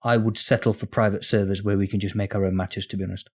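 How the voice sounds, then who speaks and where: A man's voice: lowish voice, flat delivery, fast talker, breathy edge. A man co-hosting a casual gaming podcast, rambling and sweary with frequent laughs. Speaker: podcast co-host.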